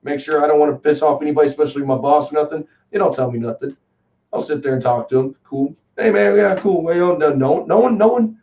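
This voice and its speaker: A man from Texas in casual chat as a guest, telling rambling, animated stories with lots of fillers. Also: fairly high pitch, fast. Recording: distant, dull lo-fi call audio.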